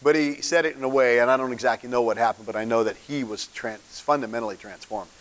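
A man's voice: medium pitch, quick pace, a little hiss or hum. A man, a pastor, giving an informal, conversational sermon and asking the congregation questions. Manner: informal, animated, asks the room questions. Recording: long hall reverb.

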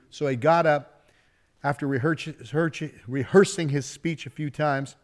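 Folksy middle-aged pastor preaching. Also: male voice, a little high, steady tone, unhurried. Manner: folksy, conversational preaching with laughter and asides to the congregation. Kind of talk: sermon.

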